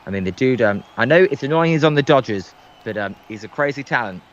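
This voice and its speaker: A man's voice: medium pitch, expressive, fast talker, lo-fi sound. A man calling baseball play-by-play on a livestream, hesitant and full of filler ums. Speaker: guest play-by-play commentator.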